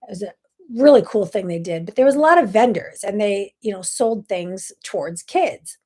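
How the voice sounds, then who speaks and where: A woman's voice: mid-range voice, lively intonation, normal speed, darkish tone, breathy edge. A middle-aged woman hosting a talk show, telling a personal story in an earnest, emotional way with many asides. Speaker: host.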